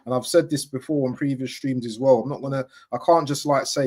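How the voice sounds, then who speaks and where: A man hosting a casual football podcast, talking with animated emphasis and repeating his points. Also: mid-range voice, fairly quick, hardly any pauses. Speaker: podcast host.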